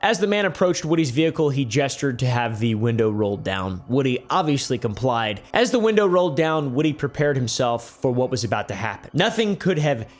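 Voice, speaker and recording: A man's voice: mid-range voice, sing-song, fairly quick, hardly any pauses. A man narrating a mystery story in a comedic style, with dramatic narration broken by jokey, swearing asides. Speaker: YouTube storyteller.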